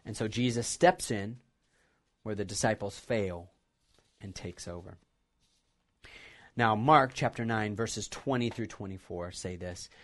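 A man's voice: on the low side, a little slow, pauses often. A male pastor preaching a sermon, retelling a scripture passage as a story and reflecting on what it means.

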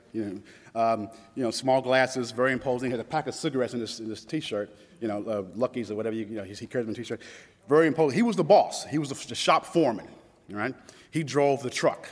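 A man of about fifty from Louisville, Kentucky, telling a personal story in a conversational way, restarting often and quoting others. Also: mid-range voice. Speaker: public speaker. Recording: long hall reverb.

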